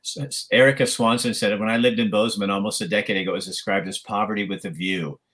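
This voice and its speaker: A man hosting a podcast, chatting casually with guests on a live stream. His voice sits fairly low, and he rambles along with stammered restarts and some good-natured teasing. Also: fairly even intonation, quick pace, fairly bright tone. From Oregon. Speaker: podcast host.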